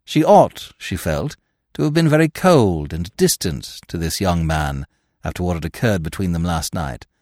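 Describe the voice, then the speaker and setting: A man narrating a classic story aloud, with expressive, wry delivery. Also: sits low, normal speed, no room sound, studio quality. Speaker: audiobook narrator. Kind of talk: scripted narration.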